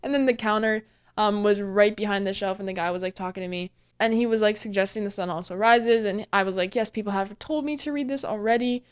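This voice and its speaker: A woman's voice: mid-range voice, fairly quick, clear, resonant tone. A young woman in her twenties, hosting a casual book recap vlog, chatty and rambling, with lots of fillers and self-corrections. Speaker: booktuber host.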